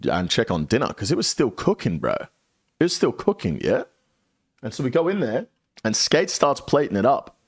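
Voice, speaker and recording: A young man spins a story on stream, with his pitch swooping up and down as he swears his way through it. The sound is dry and close, with no room around his voice. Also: no echo. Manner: animated, swears a lot. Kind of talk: casual storytelling.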